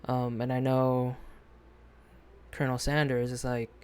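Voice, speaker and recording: A man's voice: medium pitch, flat delivery, a little slow, smooth. A man streaming a video game live, chatting casually in a rambling, hesitant way with lots of fillers and restarts.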